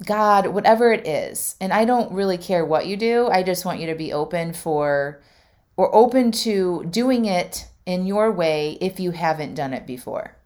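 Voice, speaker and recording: A woman with a slightly low voice talks casually and from the heart. She is a life coach speaking straight to her listeners. Her sentences run loose, full of filler words. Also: a little mellow. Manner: chatty, heartfelt, many "like" fillers; addresses listeners directly. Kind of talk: casual storytelling monologue.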